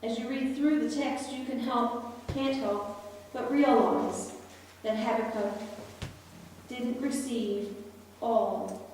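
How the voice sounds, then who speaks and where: A woman preaching a sermon slowly and deliberately, with long pauses. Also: on the high side, fairly even intonation, darkish tone, a little hiss or hum. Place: church hall. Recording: echoey hall, voice from far off.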